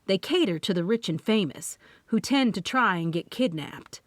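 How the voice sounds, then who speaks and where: A woman's voice: medium pitch, animated, normal speed, no echo, clean studio sound, close to an everyday voice. A woman voicing an upset, defensive man who groans over money, in an audiobook.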